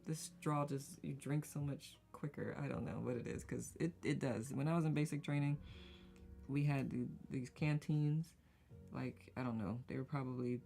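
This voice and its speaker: A chatty woman hosts a casual live stream, reading out comments with frequent laughs and rambling asides. Her voice is gravelly and dark in tone, with soft music playing faintly behind her. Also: very deep voice. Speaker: host of a live community circle.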